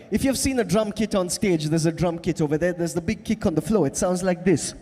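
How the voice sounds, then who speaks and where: High-voiced man hyping a live crowd. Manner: energetic, coaxing the crowd. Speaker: beatboxer performing on stage. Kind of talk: live stage crowd work. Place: large event hall with audience. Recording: long hall reverb.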